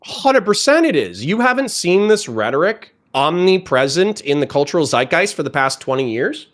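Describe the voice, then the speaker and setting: A man's voice: on the high side, sing-song, moderate pace, a bit bright. Combative, profane male debater. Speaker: guest debater. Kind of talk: heated political debate.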